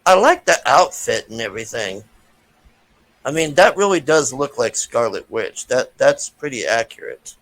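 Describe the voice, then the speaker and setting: A man's voice: medium pitch, sing-song, normal speed, a bit bright, low-quality recording. A man giving a casual, profane, frustrated rant as a movie reviewer, with many restarts.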